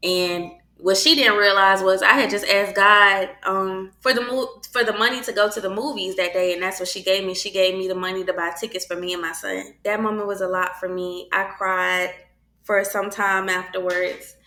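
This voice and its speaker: A middle-aged woman casually telling a personal faith story, animated and acting out the voices of the people in it. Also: mid-range voice, normal speed, reverberant. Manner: animated, acts out quoted voices.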